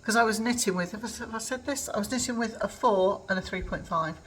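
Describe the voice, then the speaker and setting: A woman's voice: medium pitch, quick pace, a bit bright, slight background noise, rough recording. An older woman from England chatting casually in a home vlog, rambling with lots of ums. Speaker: vlogger. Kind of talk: casual chat.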